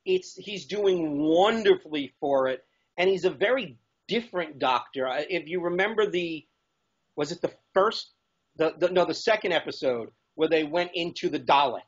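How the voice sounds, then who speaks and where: A man with a fairly high voice, chatting as a guest on a talk show. He talks eagerly and rambles, restarting his sentences as he goes. The sound is dull and lo-fi. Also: normal speed, husky. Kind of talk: casual chat.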